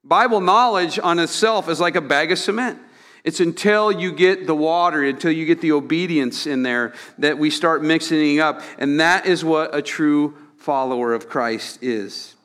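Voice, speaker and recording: A man's voice: a little high, moderate pace, fairly bright tone, big-room sound. A man preaching a sermon in a church. He talks in a conversational way, repeats words and asks rhetorical questions. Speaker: pastor.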